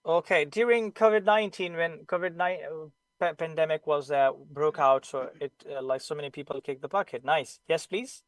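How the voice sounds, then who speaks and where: Pakistani English teacher, male, high voice, patient and repetitive, dry close mic. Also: moderate pace, dry recording. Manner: explains patiently, repeating the key sounds. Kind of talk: online class lesson.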